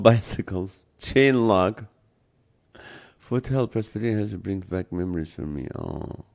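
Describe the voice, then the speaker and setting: A man with an accent hosting a live stream, reading out a comedy list and chatting with viewers, laughing often. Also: mid-range voice. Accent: non-native English accent. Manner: jokey, laughs often, greets viewers by name. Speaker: live show host.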